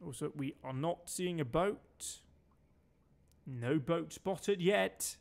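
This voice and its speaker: A man's voice: fairly high pitch, slow pace, creaky. A man from Denmark giving chatty, sweary commentary while streaming a game and barking orders at his crew. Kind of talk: casual gameplay commentary.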